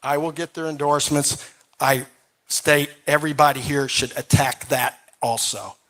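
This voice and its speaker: A man's voice: fairly high pitch, steady tone, moderate pace, fairly bright tone. A man speaking as a candidate at a live debate, insistent and repeating his main point. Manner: insistent, repetitive. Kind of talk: campaign debate answer.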